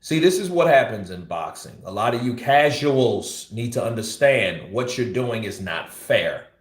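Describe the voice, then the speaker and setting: A man's voice: medium pitch, animated, measured pace, echoey room. Blunt, profane male boxing commentator. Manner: blunt, profane, rants while teasing. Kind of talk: livestream commentary.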